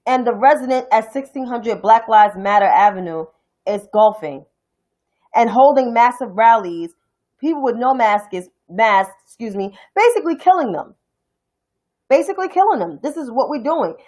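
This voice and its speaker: A young adult woman from New York City, speaking with a New York accent, delivers a blunt, profane, heated political rant on her own stream. Her voice is a little high with a darkish tone, and she talks at a moderate pace. The recording quality is low.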